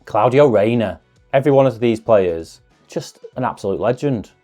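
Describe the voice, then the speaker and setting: A man's voice: medium pitch, lively intonation, normal speed, warm tone, faint music behind. A man hosting a casual card-opening video, chatting along in a musing way with self-deprecating asides. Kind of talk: casual unboxing commentary.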